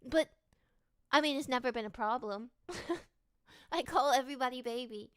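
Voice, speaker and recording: A woman's voice: high voice, moderate pace, fairly bright tone, clean tone, no echo. A woman streamer chatting casually with her viewers, rambling and laughing often. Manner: giggly, rambling, playful.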